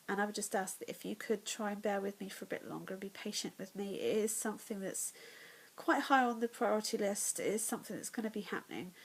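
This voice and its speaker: A woman's voice: mid-range voice, a little hiss or hum, rough recording. A woman in her thirties chatting to her phone camera at home, rambling with lots of fillers and restarts. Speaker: vlogger. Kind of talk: casual chat to camera. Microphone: phone or tablet camera.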